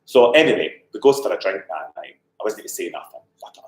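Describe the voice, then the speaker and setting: A man telling an anecdote in an interview, animated, laughing often and acting out the voices of the people in his story. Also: low voice, fast. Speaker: interview guest. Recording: echoey room, faint noise.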